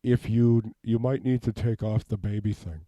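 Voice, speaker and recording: A man rambling through an improvised comedic monologue in a deadpan way, asking "okay?" over and over. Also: on the low side, moderate pace, no room sound. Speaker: comedic self-tape performer. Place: home basement.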